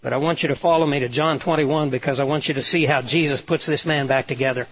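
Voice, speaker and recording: Pastor guy telling a bible story in a sermon, kinda high voice, dull lo-fi sound. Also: fairly even intonation, quick pace, breathy edge. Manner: storytelling preacher, voices quotes with emphasis.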